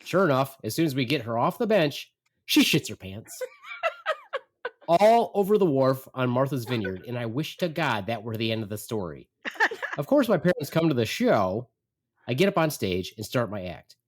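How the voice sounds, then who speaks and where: Male podcast host, casual comic storyteller, very expressive intonation. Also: mid-range voice, moderate pace.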